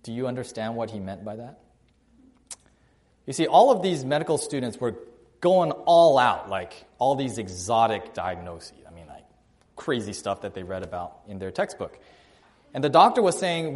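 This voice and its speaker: A man delivers a sermon as if chatting with his listeners. His voice sits a little on the high side, and he tells stories, speeding up and slowing down and getting louder and softer to make his points. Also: very animated. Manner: conversational, storytelling, varies loudness and pace for emphasis. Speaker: preacher. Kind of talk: sermon with a personal story.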